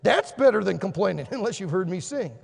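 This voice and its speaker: High-voiced preacher in an echoing hall. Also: male voice, sing-song, fairly quick, vocal fry. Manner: storytelling, swinging between hushed and shouted. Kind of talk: sermon. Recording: long hall reverb.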